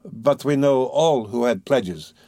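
A man voicing a calm, quietly ironic middle-aged magistrate who speaks coolly. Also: mid-range voice, takes it slowly, vocal fry, dry recording, studio quality, voice pushed up.

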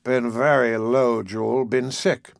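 A man reading the part of a heavily drunk young man who speaks thickly and haltingly. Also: mid-range voice, no room sound, studio quality, lightly acted. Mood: weary. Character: heavy, drunk young man, weary and slurring.

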